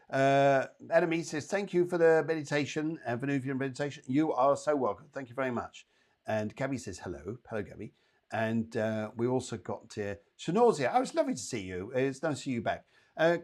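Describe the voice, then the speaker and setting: A man hosting a live psychic show and giving readings, chatty and upbeat, addressing viewers by name. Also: mid-range voice. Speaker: psychic medium and show host.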